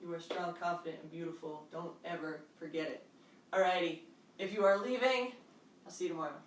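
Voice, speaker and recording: A woman's voice: on the low side, a little fast. A woman fitness instructor leading a live online workout class, upbeat and encouraging, calling out steps and counts at home. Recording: roomy echo, distant mic, faint background noise.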